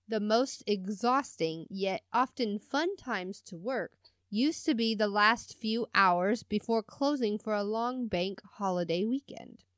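A woman's voice: medium pitch, dry recording, studio quality. A woman with an American accent, reading a story aloud and chiming in with laughter during casual chat. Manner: giggly, chimes in. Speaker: podcast co-host.

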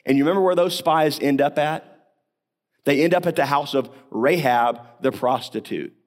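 A male pastor with a slightly high voice delivers a sermon at a moderate pace. He unpacks a Bible passage in a conversational manner, asking rhetorical questions, with a cough here and there.

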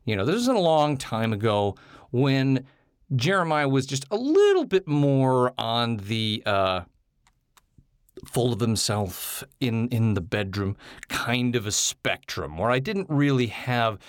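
A man's voice: mid-range voice, sing-song, takes it slowly, no echo, clean studio sound. A man on a podcast telling a candid personal story in a casual, digressive way, turning playfully defensive when he is corrected.

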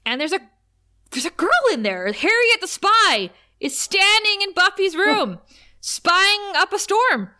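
A woman co-hosting a casual show recap, lively and quick to laugh, acting out scenes as she retells them. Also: on the high side, clean tone. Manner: animated, laughs often, acts out scenes. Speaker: podcast co-host.

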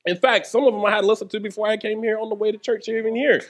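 A man's voice: sits high, steady tone, rapid-fire. A man pastor giving a conversational sermon, joking and talking straight to the congregation. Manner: playful, joking, addresses the congregation directly.

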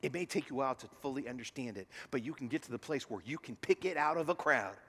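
A man preaching a sermon as pastor, moving from loud emphatic lines to hushed near-whispers and acting out voices in his stories. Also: medium pitch, animated, fast talker, husky. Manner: acts out quoted voices while telling a story.

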